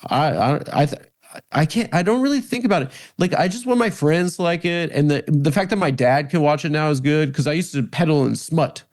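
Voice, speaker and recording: A man in his thirties, a comedian guest in a casual interview, talking in halting starts with lots of fillers and self-mockery. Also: fairly high pitch, animated, darkish tone. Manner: halting, many restarts and "like" fillers, self-deprecating. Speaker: comedian and podcast host, guest.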